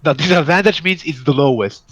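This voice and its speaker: A man narrating a tabletop game as game master, pausing often with fillers. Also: on the high side, a bit bright, low-quality recording. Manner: halting, many fillers.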